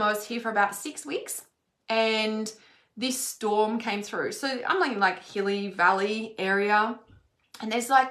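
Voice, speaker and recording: A woman's voice: on the high side, a bit bright. Chatty woman in a roomy space. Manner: chatty, swears freely, heavy use of "like". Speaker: spiritual content creator. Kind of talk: casual storytelling monologue. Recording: roomy echo.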